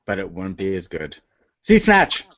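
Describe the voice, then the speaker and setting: A man on a casual panel chat, joking in a playful, expressive way. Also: low-pitched, unhurried. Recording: dull lo-fi online call audio.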